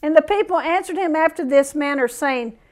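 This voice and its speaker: A woman's voice: sits high, a little fast, a little mellow. A woman preacher delivering a sermon, reading scripture aloud and breaking into folksy, fiery asides.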